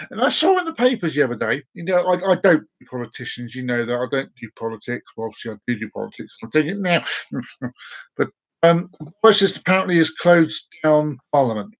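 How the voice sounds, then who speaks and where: A man chats alone to his camera on a live feed. His voice sits a little high, and he wanders from one thought to the next and repeats phrases. Now and then he breaks into silly voices. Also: sing-song, fairly quick. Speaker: vlogger doing a live stream. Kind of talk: rambling casual monologue to camera.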